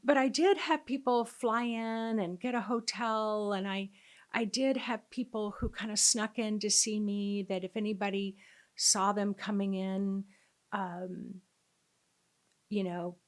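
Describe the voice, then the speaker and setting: A middle-aged woman speaks earnestly and conversationally, recounting a personal story as a spiritual teacher. Her pitch sits in an ordinary middle range, and she often pauses on fillers as she gathers her thoughts. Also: steady tone.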